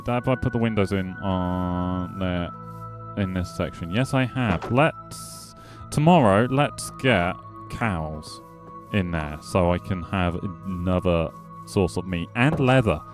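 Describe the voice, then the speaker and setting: A man's voice: sits low, a little slow, soft background music. A man giving casual, rambling gameplay commentary as a streamer, chatting back to his viewers with playful jabs. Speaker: gaming streamer.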